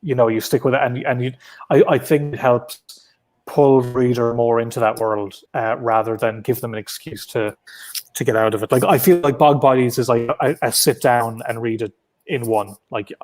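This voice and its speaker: A man's voice: mid-range voice, darkish tone. Chatty Irish man on a video call. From Ireland. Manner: chatty and loose, with many restarts and filler words. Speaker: guest comic writer. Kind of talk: casual interview over video call. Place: his apartment at home. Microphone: laptop on a video call.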